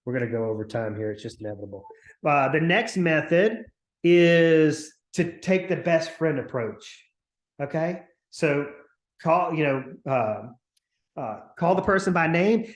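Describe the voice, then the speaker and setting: A man coaching real estate agents on a video call, talking in an energetic, chatty way and acting out upbeat phone calls. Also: a little high, unhurried, roomy sound. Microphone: computer mic on a video call.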